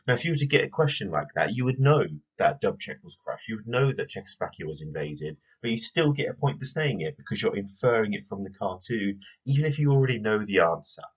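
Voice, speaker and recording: A man teaching a recorded history lesson to pupils, explaining clearly and speaking to them directly. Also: on the low side, big pitch swings, fast, hardly any pauses, highs cut off.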